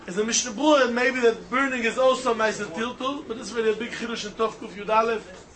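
A man's voice: very high voice, fast. A man teaching a style Talmud lecture, arguing animatedly in a sing-song way. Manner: animated, mixes Hebrew, Aramaic and Yiddish terms into English, sing-song reasoning.

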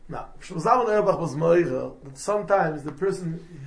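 High-voiced man giving a Torah lecture. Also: expressive, normal speed, gravelly. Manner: mixes English with Hebrew and Yiddish terms, explanatory. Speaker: rabbi teaching halacha.

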